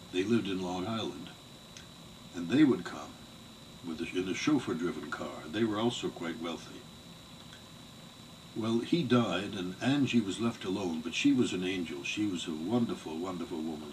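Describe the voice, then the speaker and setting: An older man giving an oral history interview, telling family memories in a measured, digressive way. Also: sits low. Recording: distant mic with faint background noise.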